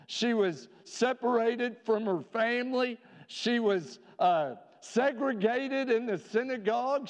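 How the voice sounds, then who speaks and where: Male pastor, fairly high voice, earnest sermon delivery, dull reverberant sanctuary sound. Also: a little mellow. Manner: earnest preaching with rhetorical questions, slowing for emphasis. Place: church sanctuary. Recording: dull reverberant church recording.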